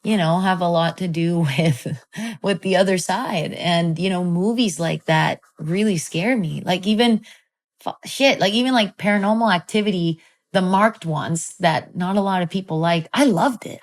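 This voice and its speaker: A woman guest tells a long story in a casual, animated way, with many fillers and free swearing. Her voice sits somewhat low for a woman. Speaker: guest, film director.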